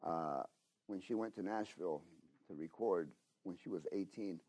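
A middle-aged man delivers a sermon in a husky, breathy voice. He talks to the listeners as if in conversation, dropping in "you know?" and "okay?". His delivery keeps swinging from loud, emphatic exhortation to hushed, intimate asides. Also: deep voice, moderate pace. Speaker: preacher.

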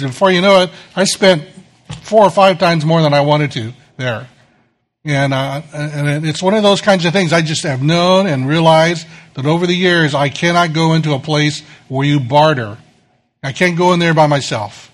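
A man's voice: a little high, normal speed. A middle-aged male pastor giving a sermon, telling self-deprecating stories in a conversational way.

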